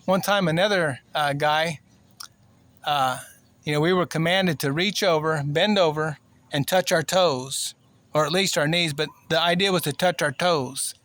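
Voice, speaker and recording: A man in his sixties from Cuba telling a personal story in a plainspoken, rambling way, with many fillers and pauses. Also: fairly high pitch, fairly bright tone. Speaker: vlogger.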